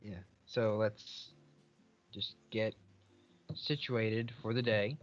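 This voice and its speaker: A man's voice: fairly low pitch, little pitch movement, slow pace, muffled recording, soft background music. Easygoing man playing a tabletop game. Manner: easygoing, planning aloud. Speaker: player. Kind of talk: casual game chat.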